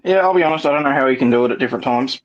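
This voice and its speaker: A man's voice: medium pitch, rapid-fire, highs cut off. A man with an Australian accent chatting easily as a co-host on a livestream, with dry understatement. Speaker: co-host guest. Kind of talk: casual livestream chat.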